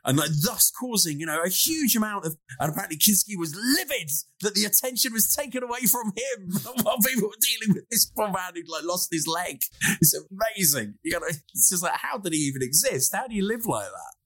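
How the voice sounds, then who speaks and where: Enthusiastic male podcast co-host who acts out his anecdotes, voice pitched a touch high. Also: brisk, hardly any pauses, breathy edge. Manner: enthusiastic, animated storyteller who acts out quotes. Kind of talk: casual chat.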